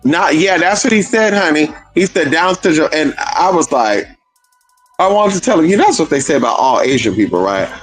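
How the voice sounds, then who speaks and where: Telling sassy, gossipy stories on his livestream, a man calls his listeners girl and honey in a swooping, lively voice. He talks a little fast, with faint music behind him and a rough recording quality.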